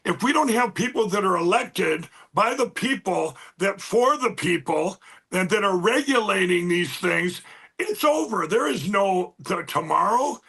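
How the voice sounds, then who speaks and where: A man speaking as an interview guest, halting with many fillers and restarts, yet emphatic and insistent. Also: high voice, animated, sharp tone, slightly rough. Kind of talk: political interview talk.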